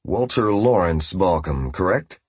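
A man's voice: low-pitched, expressive, a little slow, breathy edge, dry recording, heavily acted. A man doing a cold interrogator. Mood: probing. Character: cold male interrogator, menacing.

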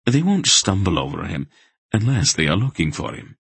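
A man voicing a sly, wiry little man with a sharp nose, speaking quiet, clipped and watchful. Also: low-pitched, big pitch swings, moderate pace, creaky, slightly rough, dry recording, full character voice. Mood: hushed, curt.

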